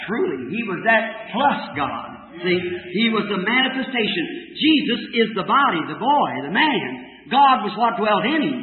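A man preaching a sermon, fervent, moving from hushed storytelling to shouted climaxes. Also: high-pitched. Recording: tinny old recording, echoey hall, far from mic.

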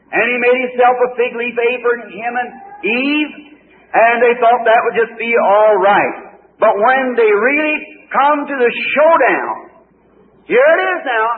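High-voiced preacher in an echoey hall. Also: male voice, a little hiss or hum. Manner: homespun, chuckling, rising to fervent exclamations. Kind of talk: folksy revival sermon with storytelling. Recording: echoey hall on a tinny old recording.

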